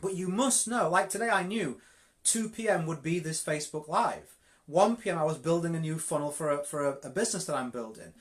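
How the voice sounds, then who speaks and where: This man speaks quickly and at a fairly high pitch, with a Yorkshire English accent. He's coaching a live-streamed network marketing audience, forceful and blunt, frequently saying words twice for emphasis.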